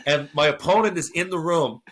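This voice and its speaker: A man, a former hockey enforcer, telling a fight story on a podcast in casual, animated, profane chat. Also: a little high, a little fast, noisy background. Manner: animated, swearing, acting out his own reactions.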